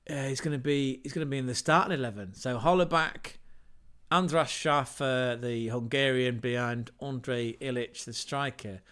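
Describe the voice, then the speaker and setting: Man, casual football stream host, jokey, self-correcting, medium pitch, smooth clear voice. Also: fairly even intonation, moderate pace, fairly bright tone. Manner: chatty, jokey asides and wordplay, self-correcting. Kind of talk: casual livestream chat previewing lineups.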